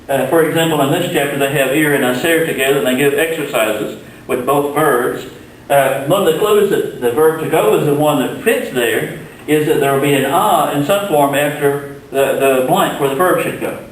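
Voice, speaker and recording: A man giving a recorded Spanish grammar lesson, explaining slowly and patiently with the odd filler. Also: a little high. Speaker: Spanish teacher. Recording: very echoey room, mic far off.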